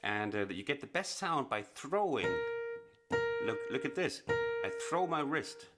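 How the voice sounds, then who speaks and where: A man teaching blues piano in a chatty, explanatory way, often pausing with fillers and restarting phrases. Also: mid-range voice, very animated. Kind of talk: casual instructional explanation. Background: piano playing.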